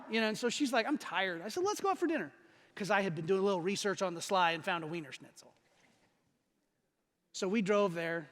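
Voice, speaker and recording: A male pastor preaching a sermon and telling a personal story, acting out the people he quotes. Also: high-pitched. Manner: animated storyteller who acts out the people he quotes. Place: church sanctuary. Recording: long reverb of a church hall.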